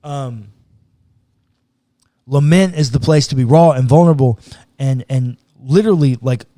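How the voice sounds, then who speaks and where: Clean, dry studio audio carries a pastor's medium-pitched, dark voice at a measured pace. In a podcast conversation he teaches from scripture in an easygoing, sincere way, occasionally acting out quotes from God.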